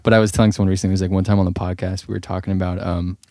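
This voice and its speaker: Young male podcast co-host, low voice, dry mic, jokey and loose. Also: flat delivery, very fast, mellow, no room sound. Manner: joking, playful, laughs often. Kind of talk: casual podcast banter.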